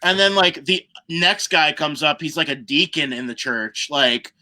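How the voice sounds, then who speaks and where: A man's voice: a little high, measured pace, bright, forceful tone. A man, a guest musician on a podcast, telling a story in a casual way and acting out other people's lines.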